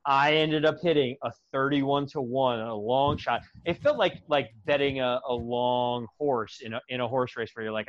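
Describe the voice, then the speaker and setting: A man co-hosting a sports podcast, telling a betting story in an animated, suspense-building way. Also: medium pitch, normal speed, hardly any pauses, no echo, muffled recording. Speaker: podcast co-host. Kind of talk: casual sports chat.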